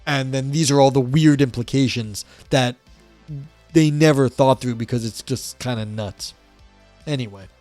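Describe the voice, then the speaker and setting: A man's voice: mid-range voice, normal speed, a little mellow, no room sound, soft background music. A man from New York hosting a livestream, chatting casually and reading aloud, rambling and swearing with many fillers and restarts. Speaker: livestream host reading a book.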